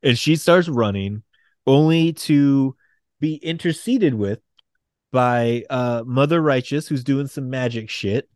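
A young man, co-hosting a podcast, recapping comic books in a casual, excitable, profane way and acting out quotes. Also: medium pitch, takes it slowly, no room sound, clean studio sound. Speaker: podcast co-host.

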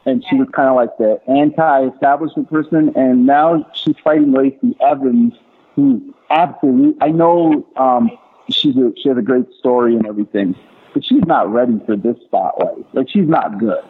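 A man's voice: mid-range voice, normal speed. Opinionated man on a tinny line. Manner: opinionated, emphatic. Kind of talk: casual wrestling podcast chat. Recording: tinny phone-like line with faint hiss.

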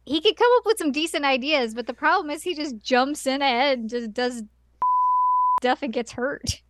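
A woman's voice: sits high, moderate pace, a bit bright, dry recording, clean studio sound. A woman co-hosting a casual chat, adding wry, teasing comments. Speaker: podcast co-host.

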